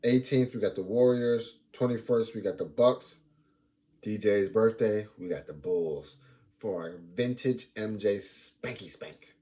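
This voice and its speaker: A man's voice: fairly low pitch, a little slow. A young man hosting a casual sports fan vlog, talking playfully and repeating lines for emphasis. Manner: animated, playful trash talk.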